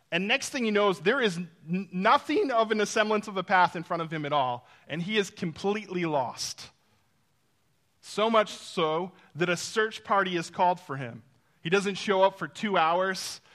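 Bright-voiced, animated preacher man. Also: high-pitched. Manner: storytelling, swings between loud emphasis and hushed intimacy; speaks to the congregation directly, with asides. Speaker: pastor. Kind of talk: sermon.

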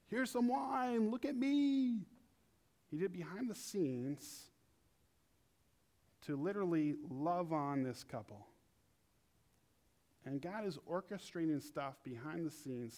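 A young man preaching in a casual, animated way, acting out quotes in funny high voices. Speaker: pastor. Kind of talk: casual sermon.

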